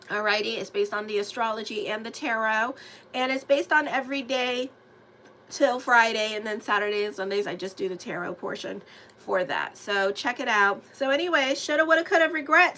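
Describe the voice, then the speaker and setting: A woman tarot reader talks casually through a reading for her channel. Her voice is bright and sits a little high. She chats freely and turns often to address her viewers. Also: slight background noise. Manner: chatty, animated asides to viewers.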